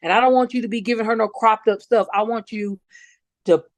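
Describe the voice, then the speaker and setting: A woman's voice: on the high side, brisk, no echo. Outspoken woman telling a story. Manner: animated storyteller acting out quoted dialogue; blunt and outspoken. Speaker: guest, bereaved mother. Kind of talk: emotional personal account.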